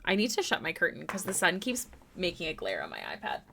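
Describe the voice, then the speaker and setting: A young woman talks to her stream from a desk at home as she draws, casual and self-deprecating. Her pitch swings widely, and she breaks into excited exclamations easily. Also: quick pace, creaky. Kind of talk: casual live-stream chat while drawing. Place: home room.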